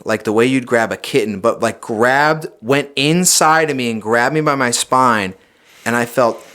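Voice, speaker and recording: Man, young adult, podcast guest, casual storytelling, animated, swears. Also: medium pitch, smooth. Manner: animated, swears often, says "dude" and "like".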